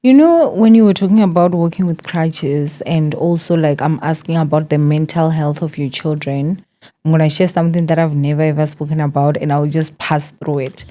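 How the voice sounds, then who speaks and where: A woman in her thirties hosts a heartfelt sit-down interview with a mellow, low-pitched voice. She speaks gently and keeps up soft murmurs of encouragement. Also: normal speed. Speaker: interview host.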